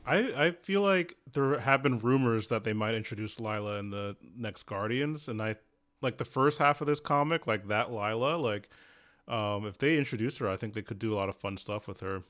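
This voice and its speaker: A music composer guesting on a comics podcast chats casually and enthusiastically, hedging with plenty of "like"s and "um"s. His voice sits on the low side, a bit bright, at a moderate pace.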